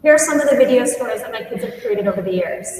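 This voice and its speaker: A woman teacher giving a conference talk, telling stories in an earnest, animated way. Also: fairly high pitch, fast talker, very noisy. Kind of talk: storytelling presentation. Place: large conference hall. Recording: echoey hall, voice from far off.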